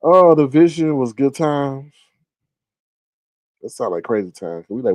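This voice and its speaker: A man's voice: mid-range voice, expressive, unhurried, a little mellow, no echo. A man hosting a casual livestream, chatting animatedly and reading viewer comments aloud. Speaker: livestream host. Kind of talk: casual live-stream commentary.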